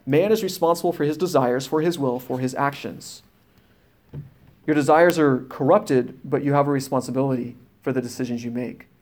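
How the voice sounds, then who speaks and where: A man's voice: mid-range voice, normal speed, darkish tone. A man teaching a sermon, reading scripture passages aloud and explaining them firmly, with fillers and restarts. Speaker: preacher.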